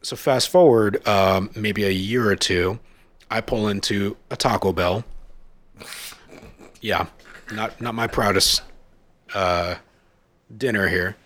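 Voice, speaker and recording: A man's voice: fairly low pitch, slow pace, long pauses. A man on a podcast telling crude stories in a casual chat, swearing freely and acting out the people he describes. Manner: profane, animated storyteller, mimics shouting people.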